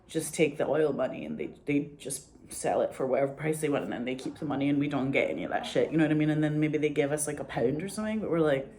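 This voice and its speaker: Low-voiced Scottish woman, rambling and profane. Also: a little mellow, a little hiss or hum. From Scotland. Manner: rambling, profane, heavy use of "like". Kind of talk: casual storytelling.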